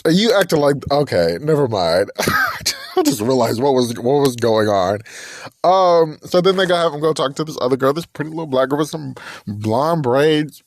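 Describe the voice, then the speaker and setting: Lively young man recapping reality TV. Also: on the high side, normal speed, dry recording. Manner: animated storytelling, acting out quotes, laughs often. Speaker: podcast host.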